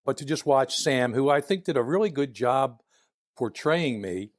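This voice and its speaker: A man's voice: mid-range voice, lively intonation, normal speed, no echo, clean studio sound. A man in his sixties from Philadelphia, with a Philadelphia accent, telling stories in a casual interview, chuckling and acting out other people's lines. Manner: chatty, acts out voices in anecdotes, chuckles while talking. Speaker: guest, retired FBI agent.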